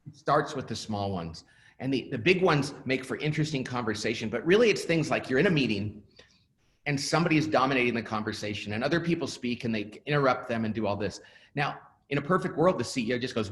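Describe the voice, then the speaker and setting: Animated middle-aged man telling stories. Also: mid-range voice, fast, a little hiss or hum. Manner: animated storyteller who acts out quoted dialogue. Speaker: author and guest speaker. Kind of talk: conversational webinar interview.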